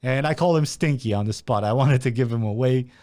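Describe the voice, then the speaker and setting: Young male podcast host from Romania, mid-pitched, animated storyteller, swears often. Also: a little fast. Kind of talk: casual podcast chat.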